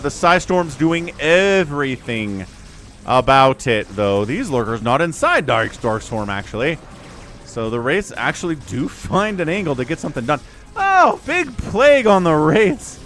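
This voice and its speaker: A man's voice: medium pitch, animated, moderate pace, a bit bright, slight background noise. An American man giving casual, joking livestream commentary on a strategy game and chatting with viewers. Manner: chatty, joking, reads chat aloud.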